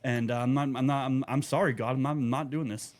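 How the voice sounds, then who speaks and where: This podcast co-host has a mid-range voice and a fast delivery. Casual and profane, he rants and riffs on lively tangents.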